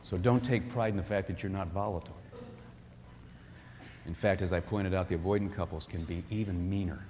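A man giving a sermon-style talk on marriage, animated, acting out what spouses say. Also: sits low, fairly quick, in a large hall, slight background noise. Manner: animated, acts out spouses' voices. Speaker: marriage speaker.

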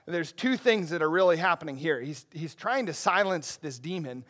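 A pastor with a slightly high male voice preaches an expository sermon at normal speed. He sounds conversational and animated and keeps making asides to the congregation.

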